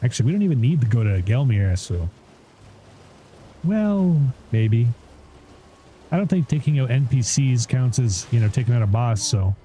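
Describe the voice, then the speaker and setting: A man's voice: medium pitch, very animated, moderate pace, long pauses, dark tone, slight background noise. A man streaming a game live, chatting casually in a rambling way, swearing and laughing often. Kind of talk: casual live gameplay chat.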